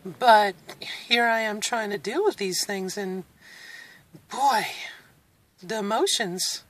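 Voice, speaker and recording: Emotional woman in her forties, halting. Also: mid-range voice. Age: 40s. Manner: emotional, halting, near tears; candid and reflective, with nervous laughs. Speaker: vlogger. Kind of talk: personal video diary.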